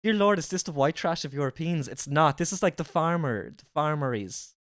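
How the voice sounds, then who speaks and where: A man's voice: fairly high pitch, animated, a little fast, no echo, clean studio sound. A man streaming a reaction to a video, riffing with incredulous, swearing commentary.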